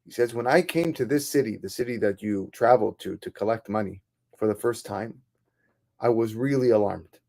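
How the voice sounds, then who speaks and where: A man voicing a mysterious old stranger who is secretly the devil, speaking calmly and cryptically in a told sermon story. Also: lowish voice, normal speed, vocal fry. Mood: ominous.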